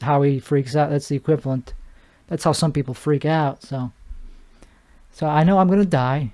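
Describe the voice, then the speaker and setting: A man's voice: on the high side, a little mellow. A man hosting a solo podcast, rambling from one thought to the next in a joking, self-deprecating way. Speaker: podcast host.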